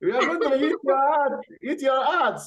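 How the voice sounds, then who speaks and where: A man's voice: very high-pitched, moderate pace, lo-fi sound, voice pushed up. A man voicing a scheming, hungry crocodile in a told fable, sly and gloating.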